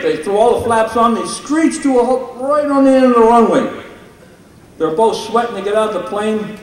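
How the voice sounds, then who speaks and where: A man's voice: sits high, moderate pace. A man telling jokes on stage at a benefit and teasing people in the audience. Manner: teasing, jokey, ribs audience members. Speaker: stand-up comedian at a benefit. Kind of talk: live stand-up joke telling. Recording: echoey hall, far from the mic, crowd noise.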